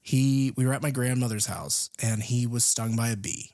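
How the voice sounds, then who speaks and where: A man's voice: medium pitch, normal speed, no room sound. Hesitant man on a dry close mic. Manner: hesitant, many ums, relaxed storyteller. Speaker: podcast co-host. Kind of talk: casual film chat.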